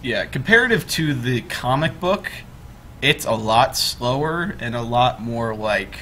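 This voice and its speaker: A man's voice: mid-range voice, expressive, unhurried, bright, forceful tone, a little hiss or hum. A young man hosting a casual group chat, rambling with lots of fillers and restarts.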